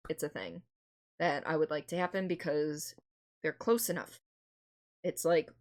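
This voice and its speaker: A woman's voice: low voice, fairly even intonation, measured pace, long pauses. A young adult woman from Michigan, streaming a game and chatting casually with her viewers, laughing often. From Michigan, United States. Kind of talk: casual gameplay stream chat.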